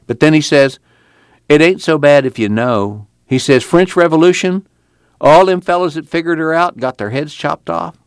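A man voicing an earnest, excitable former preacher with a rural drawl. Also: a little high, normal speed, clean tone, no echo, studio quality, voice pushed up, lightly acted. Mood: impassioned. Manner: rural Dust Bowl drawl, impassioned.

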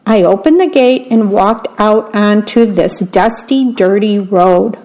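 A woman's voice: medium pitch, slow pace, darkish tone, lightly acted. A woman reading aloud as a male housefly who loves sweeping, in an eager, chattering manner. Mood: busy. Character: tireless neat-freak male housefly.

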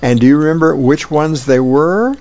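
A man's voice: on the high side, normal speed, a little mellow, dry recording, pitched above the performer's own voice, lightly acted. A man voicing a comic-strip husband who keeps prodding his wife with questions, heard over dull lo-fi radio. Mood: pestering. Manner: persistent, prodding. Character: pestering middle-aged husband.

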